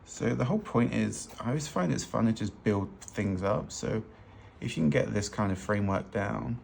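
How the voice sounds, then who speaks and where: Speaking at a moderate pace with lively intonation, a man with a fairly low, gravelly, slightly mellow voice teaches fashion illustration while drawing. The casual tutorial is loose, chatty and self-deprecating. A hands-only overhead camera records it, with slight background noise.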